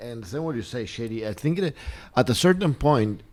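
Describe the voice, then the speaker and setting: A man in casual chat, speaking in a measured, thoughtful way with hesitant starts. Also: mid-range voice, animated, darkish tone.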